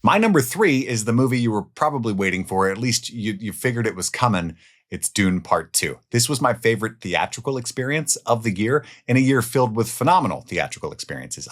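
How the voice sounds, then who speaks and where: A man hosting a film countdown, talking casually and with enthusiasm, swearing now and then, and moving between loud highs and quiet asides. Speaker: film reviewer. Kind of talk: casual spoken movie countdown.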